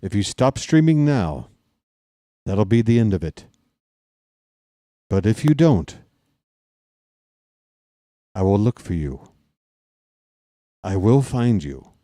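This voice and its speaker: A man's voice: fairly low pitch, very animated, mellow, dry recording, clean studio sound. A man doing a cold, menacing threat-maker. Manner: slow, cold, deliberate threats. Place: home apartment.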